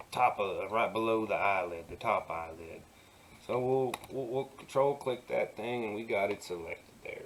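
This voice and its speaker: Low-voiced man in a soft folksy drawl. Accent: put-on folksy drawl while working. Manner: soft-spoken, slow and easygoing, talks himself through steps, folksy. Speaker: digital painting instructor. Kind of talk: relaxed screen-recorded painting tutorial.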